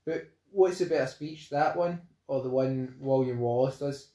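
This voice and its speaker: A man's voice: mid-range voice, moderate pace, warm tone. A Scottish man co-hosting a podcast, joking and playful. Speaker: podcast co-host. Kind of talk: casual chat. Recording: echoey room.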